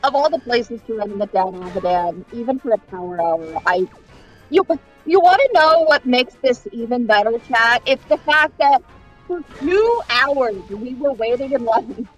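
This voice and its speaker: A woman's voice: on the high side, animated, normal speed, faint music behind, rough recording. A woman in casual chat on a game stream, prompting her partner to tell their stories. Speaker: co-host guest.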